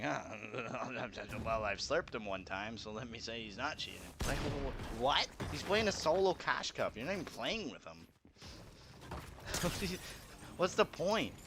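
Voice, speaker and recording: A young man on a game stream rants at his chat, sarcastic and profane. His pitch swings widely from line to line. A steady hiss of background noise sits under his voice. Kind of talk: heated livestream rant.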